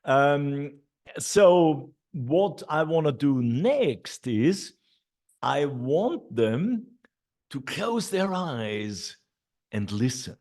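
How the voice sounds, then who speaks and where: Middle-aged male teacher trainer, unhurried and explanatory, with a lively, rising and falling pitch. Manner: explains classroom steps slowly, with many fillers and repeated et ceteras. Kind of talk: online teacher training talk.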